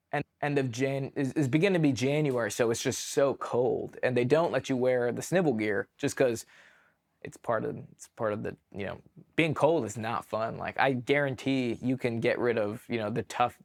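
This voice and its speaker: Man, young adult, from California, interview guest, casual storytelling, mid-pitched voice, fillers, acts out shouts. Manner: animated, acts out shouted quotes, many fillers. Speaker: podcast guest, army veteran.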